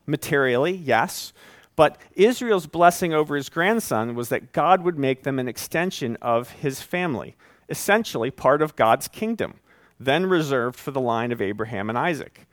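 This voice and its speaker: A man preaching a sermon as pastor, conversational and animated, with folksy asides. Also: mid-range voice, normal speed, no echo, clean studio sound.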